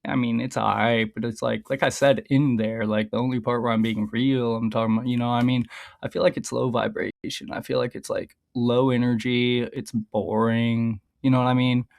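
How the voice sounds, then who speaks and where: A man's voice: mid-range voice, level tone, normal speed, gravelly. Rambling, foul-mouthed male streamer. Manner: loose and rambling, swears a lot, stops to laugh at his own lines. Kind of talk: casual stream chat, reading his own scripts aloud.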